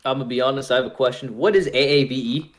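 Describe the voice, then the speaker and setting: A man's voice: medium pitch, steady tone, fast talker, crowd noise. A man co-hosting a casual podcast chat, easygoing and asking questions. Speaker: podcast co-host.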